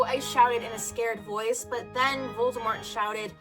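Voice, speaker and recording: A young woman reading aloud in a theatrical, comedic style, breaking off for sarcastic asides. Her voice is high-pitched, and music plays steadily behind her. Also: fairly even intonation, unhurried, few pauses. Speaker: reader. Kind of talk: comedic dramatic reading of fan fiction.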